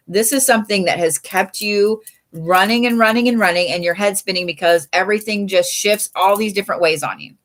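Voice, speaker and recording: A woman's voice: mid-range voice, a bit bright. A woman giving a casual live card reading from home, chatty and swearing freely. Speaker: live tarot reader. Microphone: streaming setup.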